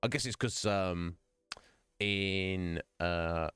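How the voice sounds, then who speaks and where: A man's voice: sits low, drawn-out words, a bit bright, clean tone, dry recording, studio quality, faint music behind. A man hosting a live stream, chatting casually and jokingly with viewers by name. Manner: rambling, joking, talks to chat by name. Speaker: streamer host.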